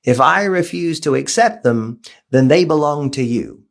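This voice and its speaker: A man telling a parable in a measured way, playing the parts in his story. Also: fairly high pitch, expressive, creaky. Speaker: storyteller in a clip.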